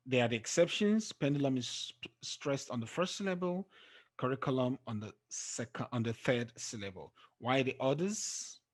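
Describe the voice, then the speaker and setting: Slow, methodical man teaching word stress. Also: medium pitch, a bit bright. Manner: methodical, counts syllables aloud, checks with "okay?"; drawls example words slowly and trails off at phrase ends. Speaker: English teacher. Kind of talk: exam-prep pronunciation lesson.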